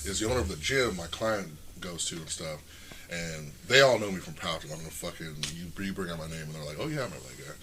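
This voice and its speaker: Brief: lower-pitched male podcast guest, loose and profane, spins rambling stories, noisy recording. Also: fast. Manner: profane, rambling, laughs often. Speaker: podcast guest, pro wrestler. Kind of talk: casual storytelling chat. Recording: noisy background.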